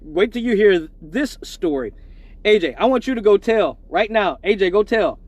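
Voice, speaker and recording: Male live-stream host, high-pitched, profane and laughing, casual storytelling. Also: lively intonation, moderate pace, no echo.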